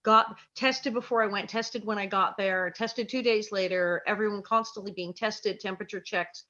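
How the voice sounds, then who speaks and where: A middle-aged American woman, an actress and comedian, telling lively anecdotes in an interview and acting out quoted voices. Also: medium pitch, moderate pace, dull audio. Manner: lively storyteller, quotes herself in acted voices, laughs often.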